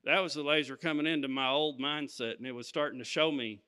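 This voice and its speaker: Guy preaching, bright forward voice, tells a story and keeps asking amen. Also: medium pitch, fairly even intonation, fast, clean tone. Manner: storytelling, calling out "Amen?" to the congregation. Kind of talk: sermon testimony.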